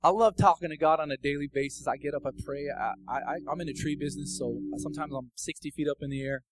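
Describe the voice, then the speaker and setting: A man giving a casual, personal sermon testimony that builds into fervent, loud preaching. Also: a little high, quick pace, very noisy.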